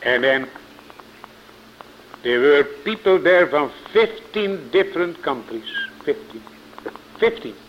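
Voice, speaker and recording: A man preaching a sermon to his congregation, slow and emphatic, repeating key words for weight. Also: a little high, animated. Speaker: pastor. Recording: muffled lo-fi sermon recording with faint hiss.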